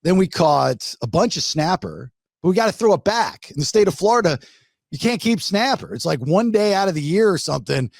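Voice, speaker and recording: A middle-aged man hosting a podcast, telling a fishing story in a casual, animated way with many restarts. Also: sits high, a little fast, gravelly, no room sound. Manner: animated, restarts a lot, acts out shark growls. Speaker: podcast host.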